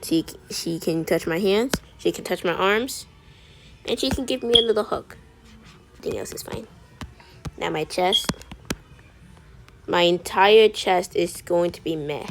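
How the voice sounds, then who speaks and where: A woman's voice: lowish voice, measured pace, music in the background. A woman video creator chatting while she colors. She talks in a sassy, rambling way and often stumbles and restarts her words.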